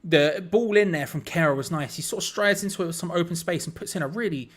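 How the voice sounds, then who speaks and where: A fairly high-pitched young man talks a little fast while livestreaming a football match. He offers casual commentary on the play and chats with his audience, with frustrated remarks along the way.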